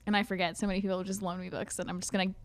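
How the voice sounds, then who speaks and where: A woman's voice: lowish voice, little pitch movement, very fast, dry recording. A woman co-hosting a podcast, chatting casually and rambling with many fillers. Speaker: podcast co-host. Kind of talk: casual chat.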